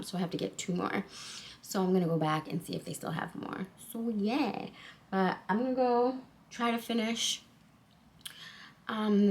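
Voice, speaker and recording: A woman in her thirties chatting casually to her phone camera for a home vlog, full of fillers like "like" and "so yeah". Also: medium pitch. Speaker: vlogger.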